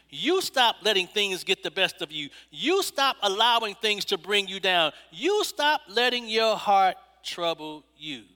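A man's voice: sits high, sharp tone, in a large hall. A man preaching a sermon in a rhythmic, repetitive cadence from a church.

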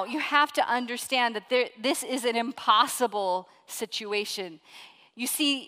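A woman preacher delivers a sermon with earnest storytelling, moving from loud emphasis to hushed asides. Her voice sits high. It rings with the long reverb of a large hall. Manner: earnest storytelling, swings between loud stress and quiet asides.

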